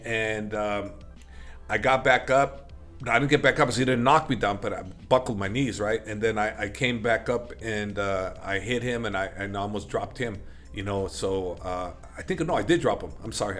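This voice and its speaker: A middle-aged man, an interview guest, telling stories in a rambling, casual way with many fillers and self-corrections. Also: fairly low pitch. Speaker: interview guest, MMA coach.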